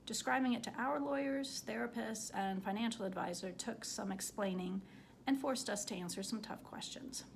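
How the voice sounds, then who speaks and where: Gravelly-voiced woman reading her own essay. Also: on the high side, normal speed, a little hiss or hum.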